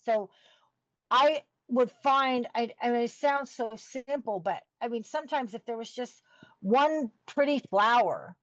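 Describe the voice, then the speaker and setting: A middle-aged woman telling her story as a podcast guest, earnest and halting as she searches for words. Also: on the high side, no room sound, lo-fi sound. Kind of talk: personal storytelling in an interview.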